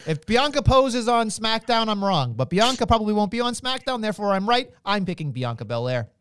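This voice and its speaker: A man co-hosting a casual chat, his voice pitched a bit high and swinging widely as he jokes and gripes. His delivery is sarcastic and full of swearing. The sound is dry and close. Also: fairly quick, clear, resonant tone, no room sound. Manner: animated, profane, sarcastic banter. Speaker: podcast co-host.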